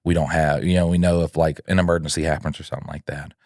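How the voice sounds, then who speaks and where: A man's voice: extremely low pitch, flat delivery, quick pace, a little mellow, no echo, clean studio sound. A man co-hosting a comedy podcast, joking crudely and slipping into silly put-on accents. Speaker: podcast co-host.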